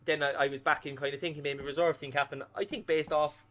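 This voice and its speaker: A man, a former footballer telling animated stories in a casual interview and swearing freely. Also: on the high side, fast talker.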